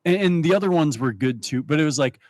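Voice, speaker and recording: A man's voice: on the high side, lively intonation, fast, darkish tone, no room sound. A man talking casually on a podcast as a poker player and coach, often stumbling and repeating words as he thinks. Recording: dry close sound.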